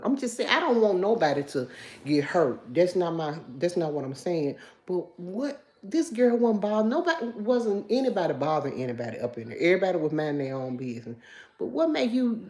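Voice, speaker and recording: A woman's voice: mid-range voice, darkish tone. A woman with a country Memphis accent hosting a casual livestream, chatting and answering viewer comments aloud. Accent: Memphis Southern. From Memphis, USA. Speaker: livestream host.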